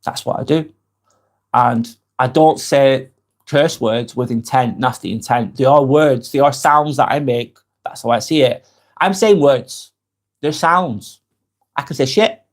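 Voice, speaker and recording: A man hosts a live stream in a loose, conversational way. He speaks frankly, drops swear words casually without aggression, and rambles through his replies to viewers. His voice sits at an ordinary middle pitch. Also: unhurried.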